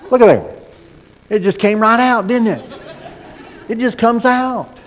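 A middle-aged man preaching a sermon as pastor, folksy and animated with asides and repeated starts. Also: extremely high pitch, a little slow, a faint crowd, a little hiss or hum. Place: church sanctuary. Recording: sermon in a hall with long reverb.

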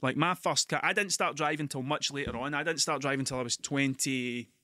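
A Scottish man hosting a podcast, telling stories in an animated, sweary, ranting way. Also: medium pitch, a little fast, no echo, clean studio sound. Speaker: podcast host. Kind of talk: casual monologue.

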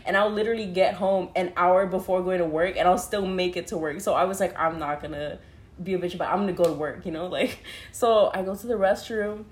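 Young woman, slightly low voice, loose chatty storyteller with frequent laughter and profanity, recorded in a roomy space. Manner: laughs often, heavy use of "like", swears freely. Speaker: podcast co-host. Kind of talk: casual storytelling. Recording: roomy echo.

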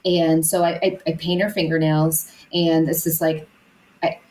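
A woman's voice: deep voice, level tone, a little slow, darkish tone, low-quality recording. A young woman co-hosting a podcast, chatting casually and rambling with lots of filler words and restarts. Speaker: podcast co-host. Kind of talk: casual chat.

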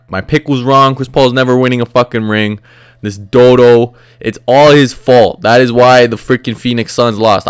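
A young man talks straight into the mic in a smooth, clean voice with a dry, close sound. He rants on his solo sports podcast, frustrated and profane, and rambles with plenty of filler words. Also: medium pitch, dry recording. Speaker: podcast host.

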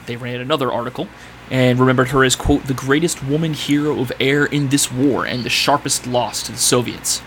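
A man's voice: medium pitch, slight background noise. Man reading history on a podcast. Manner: reads facts aloud, then riffs and laughs. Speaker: podcast host presenting history. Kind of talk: casual podcast chat.

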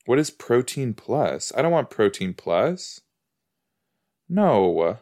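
A man's voice: mid-range voice, very animated, slow pace, warm tone. A man chatting casually on a couch as he reacts to a TV episode, rambling, easily sidetracked and often breaking into exclamations. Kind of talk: casual watch-along chat. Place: indoors on a couch.

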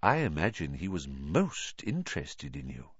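A man voicing a wise, gentle old male headmaster who speaks softly and calmly, on a dull lo-fi recording. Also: rumbling low, breathy edge, no room sound, voice pushed down, exaggerated voice. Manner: soft, calm, measured.

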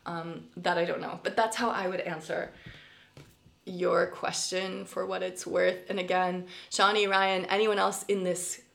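A woman's voice: lowish voice, level tone, unhurried, gravelly, fairly bright tone, echoey room. A middle-aged woman professor talking her students through a recorded lecture, conversational and thoughtful, with many fillers and restarts. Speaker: college professor.

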